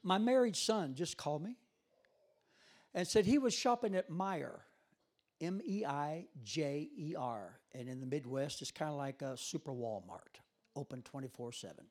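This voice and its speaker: A man preaching a sermon, retelling a story with quoted dialogue and building to loud, emphatic peaks. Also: a little high, expressive, moderate pace.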